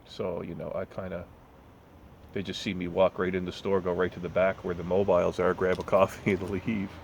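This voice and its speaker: A very deep-voiced man rants bluntly and swears freely as he tells his story. Now and then he mocks other people's voices. He is recorded on a phone outside near traffic, with clear street noise behind him. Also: level tone, fairly quick. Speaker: vlogger. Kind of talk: profane casual rant.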